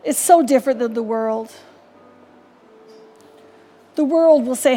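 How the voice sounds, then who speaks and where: A woman's voice: high voice, takes it slowly, long pauses, warm tone, soft background music. A woman preaching a sermon in an earnest, repetitive way and closing in prayer.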